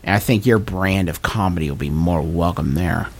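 A man's voice: deep voice, moderate pace, gravelly. Dry, teasing man reading messages. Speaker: podcast co-host. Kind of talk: reading listener messages on a comedy podcast.

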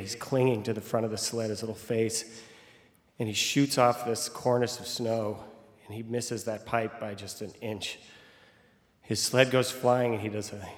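A young man telling a personal story live on stage, animated and vivid, building to excited outbursts. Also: mid-range voice. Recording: echoey hall with long reverb.

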